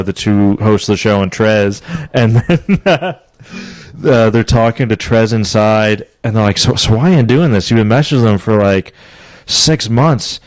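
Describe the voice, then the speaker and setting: A young man co-hosting a podcast, telling a long rambling story in casual chat, breaking into laughs and high squeaky voices for the people he quotes. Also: no room sound. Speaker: podcast co-host.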